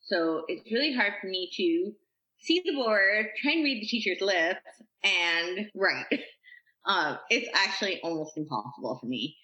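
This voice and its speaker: A woman guest on a podcast, telling stories from her life in a chatty, animated way, acting out what people said. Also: mid-range voice, unhurried. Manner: chatty, animated, uses "like" a lot and acts out quotes. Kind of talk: casual storytelling interview. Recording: echoey room, slightly dull sound.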